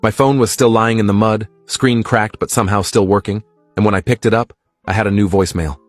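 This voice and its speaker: Guy reading a creepy reddit-style story, lowish voice, dry close sound, faint music under it. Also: a little fast, no echo. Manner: steady first-person storytelling. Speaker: story narrator. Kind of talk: scripted horror story narration.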